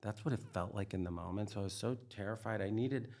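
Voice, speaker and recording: Earnest, low-voiced middle-aged man. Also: quick pace, dark tone. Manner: earnest, emphatic, heavy use of "like" and "you know". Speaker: psychiatrist and trauma expert guest. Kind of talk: candid interview conversation.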